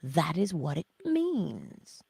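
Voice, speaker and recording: A middle-aged woman hosting a motivational livestream, speaking slowly and emphatically and often dropping to a breathy whisper. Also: sits low, wildly swooping pitch, dark tone, dry recording. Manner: acts out her own self-talk in little voices. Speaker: livestream host.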